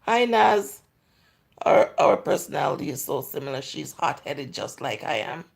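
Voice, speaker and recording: Here a fortieth-something Jamaican woman runs a laid-back live chat, responding to comments from viewers at a normal speed. Her low-sitting voice is very animated and gravelly with fry throughout, and her candid talk keeps slipping into patois.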